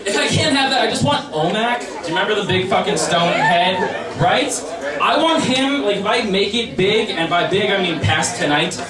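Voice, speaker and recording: A young man in his twenties doing a profane, self-mocking stand-up comedy routine on a club stage, with an animated delivery. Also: high-pitched, moderate pace. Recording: echoey comedy club, distant mic, loud crowd. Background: loud audience laughter.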